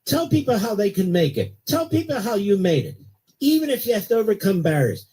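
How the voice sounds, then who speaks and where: A man's voice: high-pitched, very animated, a little fast, mellow, slightly rough. An older man hosting a talk radio show, delivering an indignant, sarcastic monologue.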